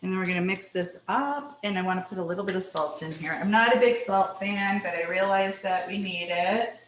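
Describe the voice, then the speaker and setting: A woman's voice: medium pitch, brisk, reverberant, slight background noise, rough recording. A middle-aged Canadian woman hosting a casual cooking show from her kitchen, chatty and self-deprecating, apologizing often as she works. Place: home kitchen.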